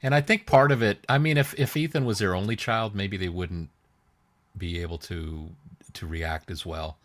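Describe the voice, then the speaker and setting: A man co-hosting a casual podcast who rambles through stories, often restarting, and puts on squeaky voices for other people. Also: normal speed, fairly bright tone. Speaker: podcast co-host. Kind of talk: casual chat.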